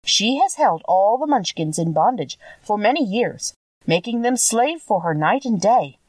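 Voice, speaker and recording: A woman voicing a small, wrinkled, kindly old good witch who speaks sweetly and calmly, with a gentle assurance. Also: medium pitch, measured pace, no room sound, recorded from a distance, voice pushed up, poor audio.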